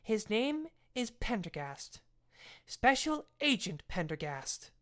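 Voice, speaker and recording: Woman voicing a gruff bossy police captain. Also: mid-range voice, very animated, takes it slowly, a bit bright, pitched above the performer's own voice. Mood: commanding. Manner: blunt, commanding orders.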